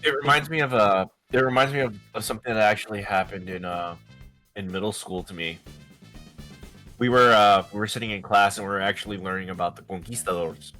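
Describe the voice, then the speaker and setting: A man's voice: fairly low pitch, fairly quick, pushed and bright, soft background music. A man telling a wry story from his school days while chatting with friends about a game. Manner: anecdotal, wry. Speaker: player. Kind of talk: casual chat, storytelling.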